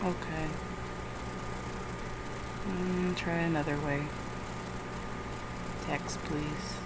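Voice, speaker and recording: A woman's voice: sits low, fairly even intonation, extremely slow, heavy background noise. A tired woman rambling through a casual screen-recording vlog, swearing often and flaring into frustrated outbursts. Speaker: vlogger.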